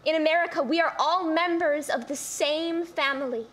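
A woman's voice: sits high, normal speed, background noise, natural voice. An actress playing a woman who makes an earnest, declamatory speech on a theater stage. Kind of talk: stage play acting.

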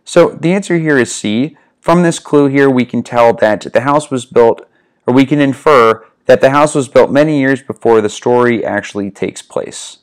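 A man's voice: mid-range voice, normal speed, clear, resonant tone. A man from the American Northeast, a test-prep tutor, casually walking through reading questions step by step, recorded at home on a desk microphone. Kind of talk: explaining a reading practice test.

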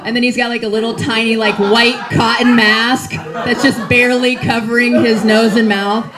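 A woman's voice: on the high side, level tone, moderate pace. A woman from the Midwest doing a stand-up set, chatty and rambling with many fillers. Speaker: stand-up comedian, former teacher. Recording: crowd audible around stage.

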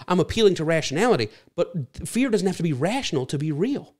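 A middle-aged man teaching from slides in an earnest, searching way. His voice sits a little high for a man, and he often slips into quick impressions of other people. He talks it through like a teacher explaining a point. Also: very animated, a little mellow. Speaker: speaker teaching a series. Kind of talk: lecture-style talk with slides.

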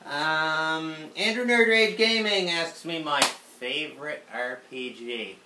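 A man's voice: fairly high pitch, slow. Sarcastic man answering viewer questions. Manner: sarcastic, self-mocking, swears freely. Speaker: YouTuber host. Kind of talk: casual viewer Q&A. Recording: roomy room with faint noise.

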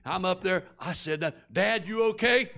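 A man's voice: high-pitched, moderate pace, creaky, sharp tone. A middle-aged man preaching a sermon, telling a personal story and acting out the voices and screams of the people in it. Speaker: guest preacher.

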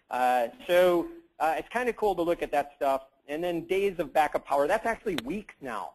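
A man's voice: fairly high pitch, animated, normal speed, rough recording. A man giving a casual, joking conference talk, rambling with lots of fillers and asides. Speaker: conference presenter.

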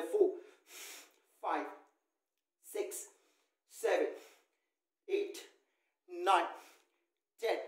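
A man leading a yoga class, calling out poses and counting holds in a firm, coaching way. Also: sits high. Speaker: yoga instructor. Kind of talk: live yoga class instruction. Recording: roomy echo, voice from far off.

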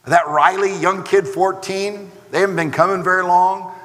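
A man with an American accent preaching a sermon as pastor, animated and acting out the voices of the people he describes. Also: sits high, normal speed. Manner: animated preaching with acted asides. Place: church sanctuary. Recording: long hall reverb.

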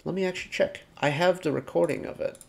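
A man's voice: on the high side, quick pace, gravelly, darkish tone. Rambling man analyzing a song. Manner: analytical, rambling with many fillers. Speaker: K-pop reaction host. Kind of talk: casual reaction commentary.

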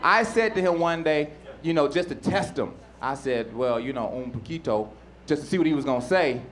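A man doing stand-up, animated and mocking. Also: on the high side, a little fast. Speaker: stand-up comedian. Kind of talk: stand-up comedy.

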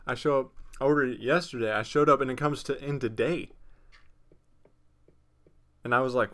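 Bright-voiced young man rambling over gameplay. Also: mid-range voice, a little fast, creaky. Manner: rambling, self-mocking, excitable outbursts. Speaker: gameplay commentator. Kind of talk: casual let's-play commentary. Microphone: desktop USB microphone.

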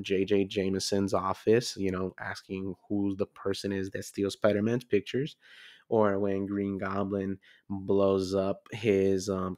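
A man's voice: low voice, dry recording, clean studio sound. A man in his twenties rambling casually through a movie review, swearing freely. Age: 20s.

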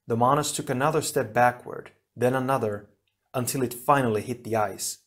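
A man narrating an action storybook in a steady, even reading voice. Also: medium pitch, moderate pace. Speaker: audiobook reader.

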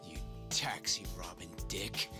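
A man's voice: sits low, slow pace, loud music behind the voice. An actor playing a crooked, scheming male taxi driver with a crude, sneering manner in a video game. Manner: sneering, switches to fake panicked pleading.

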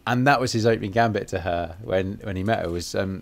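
A man's voice: fairly low pitch, fast talker, vocal fry. A man hosting a podcast in casual, chatty talk, self-deprecating and full of ums and restarts. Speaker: podcast host.

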